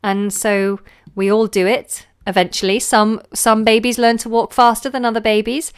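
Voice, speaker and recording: A woman, a singing teacher answering viewer questions in a relaxed, chatty way on a live stream. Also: on the high side, normal speed, clear, resonant tone. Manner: relaxed, chatty, demonstrates sounds with her voice.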